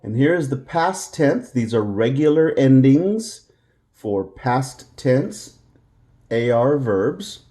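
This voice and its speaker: A man teaching a Spanish grammar lesson in English, patiently repeating words slowly for practice. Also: mid-range voice, lively intonation, dark tone. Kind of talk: classroom-style language lesson.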